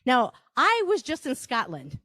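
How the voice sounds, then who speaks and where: Wisconsin lady running a workshop, talks to the audience a lot, higher voice, dry mic. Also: huge pitch swings, unhurried, sharp tone, dry recording. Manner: chatty, asides and rhetorical questions to the audience. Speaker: workshop presenter. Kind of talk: live presentation to an audience.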